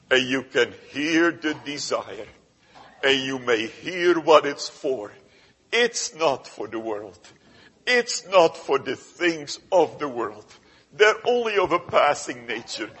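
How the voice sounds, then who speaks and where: A man preaching a sermon to his congregation, slow and emphatic, swelling to loud rises and dropping to hushed passages. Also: medium pitch, expressive, breathy edge, in a large hall. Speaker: pastor. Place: church.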